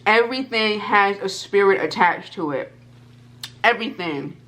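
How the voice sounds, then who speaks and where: A woman vlogger telling a personal story to her viewers, animated and repeating herself, talking straight to the audience. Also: medium pitch, normal speed. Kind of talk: storytime vlog.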